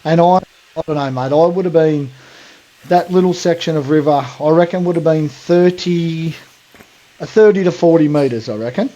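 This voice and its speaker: A man's voice: on the high side, moderate pace, warm tone, muffled recording. An Australian man hosting a podcast, telling a long story in a rambling, slangy way full of fillers. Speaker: podcast host. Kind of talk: casual storytelling.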